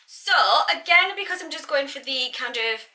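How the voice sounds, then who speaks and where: A woman's voice: high voice, expressive, normal speed, bright, forceful tone. A woman giving a bubbly, chatty makeup tutorial and talking straight to her viewers. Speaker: beauty vlogger.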